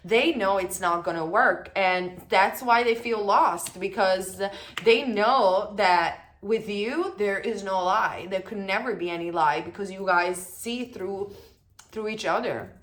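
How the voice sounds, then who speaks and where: A woman giving a pick-a-card tarot reading, sure of herself and chatty. She hammers points home by repeating them and slows right down when she reads out the card messages. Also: medium pitch, a bit bright. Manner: emphatic, self-assured and chatty, repeats lines for stress. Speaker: tarot reader.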